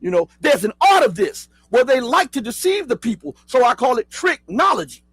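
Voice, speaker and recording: Husky Southern man with a high voice. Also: big pitch swings, moderate pace, fairly bright tone, dry recording, rough recording. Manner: talks straight to viewers, asks rhetorical questions, spells words out. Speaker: host. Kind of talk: casual commentary, reading an article aloud.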